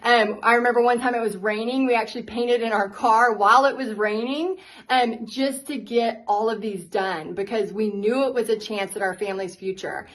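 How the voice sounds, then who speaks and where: A woman, a paint party instructor telling her story to viewers in a candid, animated way, laughing often. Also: a little high, moderate pace, poor audio.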